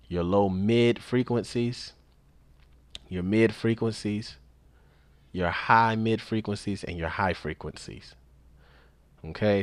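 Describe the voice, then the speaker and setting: A man with a deep, low voice talks through a tutorial in a relaxed, easygoing way. He explains things step by step and repeats key points. The sound is close and dry, with no room echo. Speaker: instructor. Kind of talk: casual spoken tutorial.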